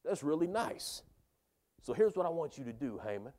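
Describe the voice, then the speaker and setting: A man's voice: on the high side, sing-song, normal speed, warm tone. A man voicing a slangy, laid-back king. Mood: earnest. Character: ancient king, casual and slangy.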